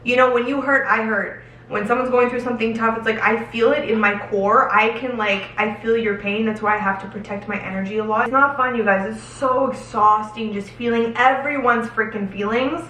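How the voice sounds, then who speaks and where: A woman's voice: a little high, steady tone, a little fast, hardly any pauses, bright, forceful tone, slight background noise. A young woman answering viewer questions to camera in a casual, emotional and candid chat, drawing out words for emphasis. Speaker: lifestyle vlogger. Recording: roomy echo, slightly distant from mic.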